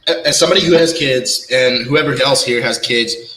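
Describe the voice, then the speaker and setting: A man's voice: mid-range voice, fairly quick, fairly bright tone. A man on a podcast panel, angry and emphatic, cursing a lot in casual talk. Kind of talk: heated casual chat. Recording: echoey room.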